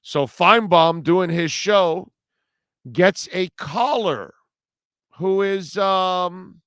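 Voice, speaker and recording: A male sports talk host with a slightly higher voice, smooth and resonant, recorded dry and close. He rambles in a casual, animated way, trips over his words and circles back. His delivery is loose and conversational. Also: drawn-out words, no room sound. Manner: animated, laughing, rambling with restarts.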